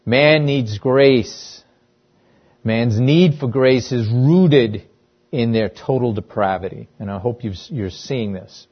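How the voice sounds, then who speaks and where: A man preaching a sermon, emphatic and repeating key phrases for weight. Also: mid-range voice. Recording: dull lo-fi sound.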